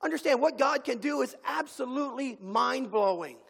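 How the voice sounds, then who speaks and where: Gravelly high-voiced man preaching. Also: lively intonation, a bit bright. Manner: impassioned preaching with dramatic pauses. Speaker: pastor. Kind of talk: sermon. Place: church sanctuary. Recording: long hall reverb.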